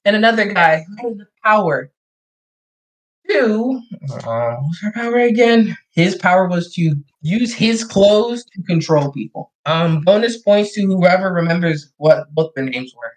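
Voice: mid-range voice, lively intonation, measured pace, rough recording. A game master narrating a tabletop role-playing session in a loose, joking, chatty way.

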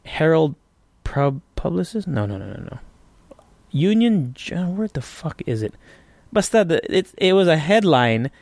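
A man's voice: on the high side, big pitch swings, unhurried, vocal fry, darkish tone, no echo. A man hosting a casual solo podcast, rambling and swearing freely with frequent restarts. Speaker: podcast host.

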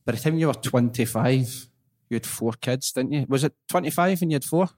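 A young Scottish man hosts a podcast in a casual chat. His voice sits at a middle pitch. He tells stories in a lively, animated way and moves along quickly. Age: young adult. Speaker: podcast host.

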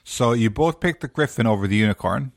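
A man's voice: mid-range voice, animated, a little fast, gravelly, no room sound, clean studio sound. A young Irish man hosting a casual podcast, reading out questions and teasing his friends. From Ireland. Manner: teasing, asks the questions, laughs while talking. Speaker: podcast host.

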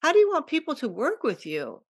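A woman's voice: high-pitched, wildly swooping pitch, fairly quick, dry recording, clean studio sound, pitched above the performer's own voice, full character voice. A woman voicing the universe as a cheerful, encouraging voice that coaxes her on.

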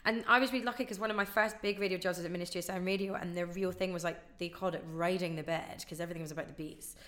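Fast-talking woman DJ. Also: fairly low pitch. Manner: fast, animated storytelling with acted-out quotes. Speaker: radio DJ guest. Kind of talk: casual chat.

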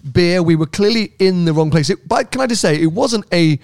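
A man co-hosting a podcast, telling a story in casual chat, animated and often laughing as he acts out what people said. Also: high-pitched, brisk, dry recording, clean studio sound. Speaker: podcast co-host.

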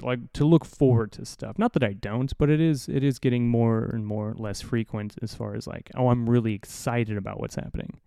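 A podcast host tells a long, meandering story in a casual monologue, swearing freely and poking fun at himself. His mid-range voice is creaky and smooth with a dark tone, recorded with no echo on a studio mic run through an audio interface.

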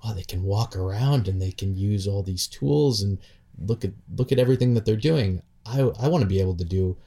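A man hosting a relaxed conversation, asking thoughtful questions and murmuring agreement. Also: fairly low pitch, fairly quick, husky. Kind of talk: casual interview conversation.

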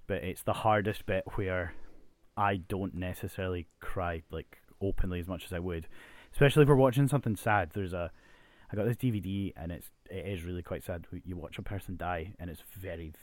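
A man in casual podcast chat, a teacher by trade. His voice sits low, recorded dry and close. He talks in loose, self-correcting runs that often sink soft and quiet. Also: no echo. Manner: chatty, self-correcting, drops to a soft low voice when musing. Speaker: podcast co-host.

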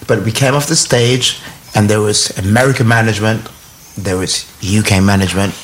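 A man's voice: lowish voice, moderate pace, slight background noise. A man from England telling a long, rambling story in casual chat, swearing often and acting out other people's lines. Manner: rambling, swearing, restarts, quotes people in animated voices. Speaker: touring musician guest.

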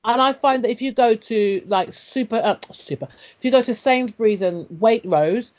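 Sweary woman gossiping, a bit high-pitched, muffled lo-fi audio. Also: moderate pace, darkish tone. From Britain. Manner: blunt, sweary, laughing storyteller. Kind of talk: casual chat. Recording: dull lo-fi audio.

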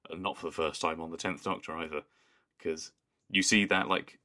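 A man's voice: deep voice, fairly even intonation, normal speed, bright, forceful tone. A young Englishman co-hosting a podcast in casual chat, wry with dry jokes. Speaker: podcast co-host.

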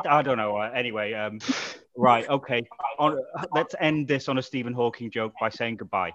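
A man in the middle of his range hosts a relaxed fan podcast. He cracks deadpan jokes and moves the talk along. His voice comes through slightly dull and lo-fi. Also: medium pitch, normal speed. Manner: dry, joking, wraps up the chat. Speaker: podcast host. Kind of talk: casual football fan chat. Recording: dull lo-fi recording.

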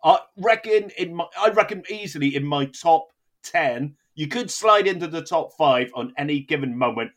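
Lively sweary man joking around. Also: a little high, moderate pace, few pauses. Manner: sweary, animated, mock-outraged joking. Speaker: comedy podcast host. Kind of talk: casual comedic chat.

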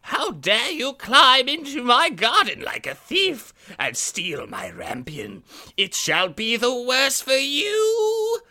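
A man voicing an angry old witch in a high, slow, drawn-out voice while reading a fairy tale. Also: wildly swooping pitch, sharp tone, full character voice.

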